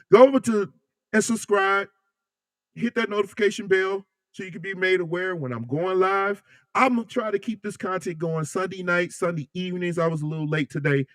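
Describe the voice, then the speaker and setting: Animated, joking man hosting a livestream. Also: sits high, no room sound, studio quality. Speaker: livestream host. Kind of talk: casual live chat reading comments.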